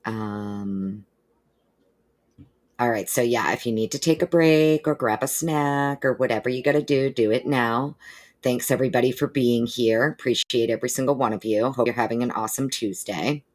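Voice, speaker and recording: A woman's voice: rumbling low, moderate pace. Chatty, foul-mouthed woman live-streaming. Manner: chatty, profane, greets viewers by name; animated, with exaggerated put-on quote voices. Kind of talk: casual live-stream case commentary.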